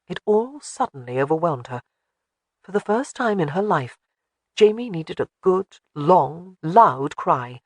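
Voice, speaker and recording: Expressive audiobook narrator, lively delivery. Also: medium pitch, unhurried, slightly rough, dry recording. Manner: expressive storytelling. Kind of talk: scripted narration.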